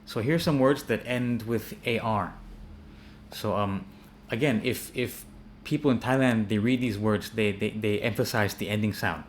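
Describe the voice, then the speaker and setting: Low-voiced man teaching English casually. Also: moderate pace, slight background noise. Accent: American. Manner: relaxed, many fillers and repeated words. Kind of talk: casual spoken English lesson.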